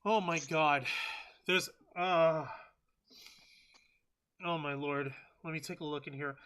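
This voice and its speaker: A man's voice: a little high, steady tone, takes it slowly, fairly bright tone, clear, resonant tone. A man hosting a livestream, reading news articles and viewer chat aloud and ranting angrily with heavy swearing. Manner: angry, profane ranting. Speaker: livestream host.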